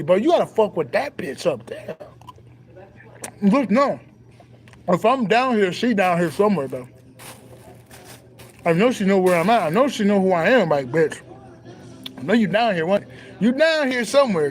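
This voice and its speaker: A man's voice: high-pitched, low-quality recording. A young man, talking casually and profanely with swagger, laughing often. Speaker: spiritual talk host. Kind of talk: casual spiritual monologue.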